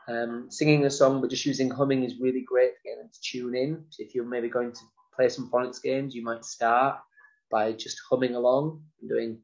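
Man calmly explaining early phonics. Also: mid-range voice, highs cut off. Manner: demonstrates sounds slowly and explicitly. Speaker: nursery teacher. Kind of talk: instructional talk to parents.

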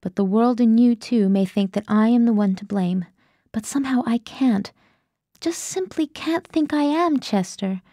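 A woman's voice: a little high, mellow, no room sound, studio quality. A woman reading a desperate young woman's letter.

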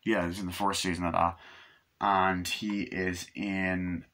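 Man, low-pitched voice, casual movie review, rambling, swears freely, acts out scenes. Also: little pitch movement, unhurried, bright, forceful tone. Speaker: film reviewer.

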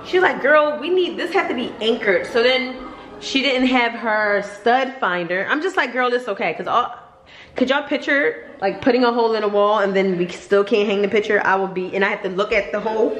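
A woman's voice: fairly high pitch, fairly quick, a bit bright. A woman, chatting casually in a home vlog, laughing and venting her frustration. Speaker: vlogger. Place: house, indoors. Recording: echoey rooms, household noise.

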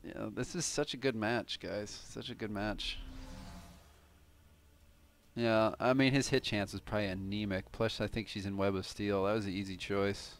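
A man's voice: on the low side, steady tone, normal speed, slight background noise. A man from Cleveland giving casual, analytical live commentary on a tournament game, swearing now and then. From Cleveland, USA.

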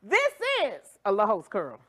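A woman's voice: mid-range voice, wildly swooping pitch, measured pace, fairly bright tone. A woman hosting a livestream wig demonstration, playful and chatty, joking and cheering viewers on with catchphrases. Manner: playful, sings and jokes, hype catchphrases. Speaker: wig shop host. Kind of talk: livestream product demo.

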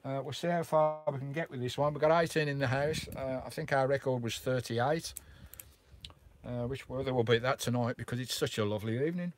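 A man's voice: medium pitch, brisk. A Welsh man from Wales, chatting casually on a live stream and greeting viewers as mate and bro from his camper van. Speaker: vlogger hosting a live stream. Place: inside his camper van in a remote valley.

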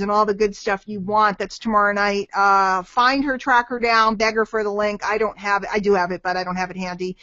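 A middle-aged woman with a fairly high voice answers marketing questions on a live webinar. She talks in a lively, animated way and acts out short exchanges between people. The sound is dry and a bit dull, like a web call. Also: no echo.

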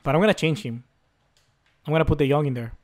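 A young man, commentating his own video game as he plays. He is excitable, swears often and yells at the game. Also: fairly high pitch, fast talker. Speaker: gaming YouTuber.

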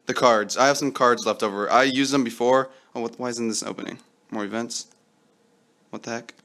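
A young man commenting on his own mobile gameplay, pleading with the game and yelling when his luck turns. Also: medium pitch, moderate pace. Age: young adult. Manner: excitable, pleading with the game, yells when lucky.

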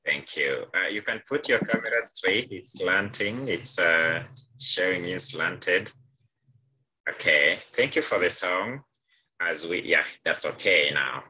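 A man's voice: sits low, lively intonation, takes it slowly, sharp tone, breathy edge, low-quality recording. A male teacher with a Kenyan accent, leading a live online class over a video call, with many hesitant fillers.

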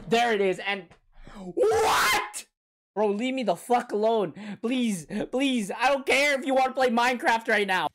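A man reacting to an anime episode, excitable and profane, shouting and gasping and talking back to the characters on screen. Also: very high voice. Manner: excitable, swears a lot, bursts into shouts and gasps. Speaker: anime reaction channel host. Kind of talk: live reaction commentary.

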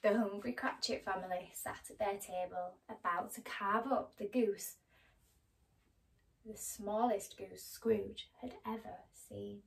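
A woman storyteller reading a children's story aloud in a gentle, expressive way. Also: mid-range voice, gravelly, recorded from a distance, poor audio. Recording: voice a little off-mic.

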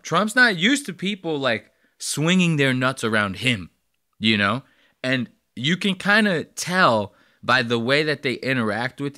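A man's voice: mid-range voice, sharp tone, dry recording, clean studio sound. A man hosting a podcast, riffing loosely and profanely while reacting to a video. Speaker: podcast host. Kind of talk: casual reaction commentary.

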